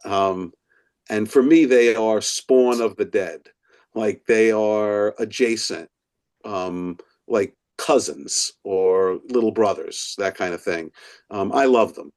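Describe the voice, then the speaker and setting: A man's voice: fairly low pitch, slow pace. A middle-aged man, an author and professor, telling stories in a casual interview and acting out the voices of people he quotes. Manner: animated storyteller who acts out quoted voices. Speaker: author and professor, podcast guest.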